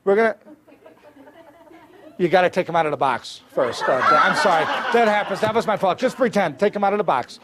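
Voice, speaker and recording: A man's voice: high voice, animated, brisk. A man performing as a stage magician, teasing a volunteer with joking banter before a live audience. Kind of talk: live comedy magic show. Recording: live stage with loud crowd noise.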